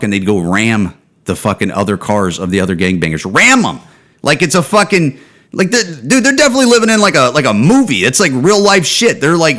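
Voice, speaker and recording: Podcast host, man in his thirties, casual cursing solo rant, rambles, mid-pitched voice. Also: a bit bright. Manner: profane, rambling, trails off with low "dude" and "man".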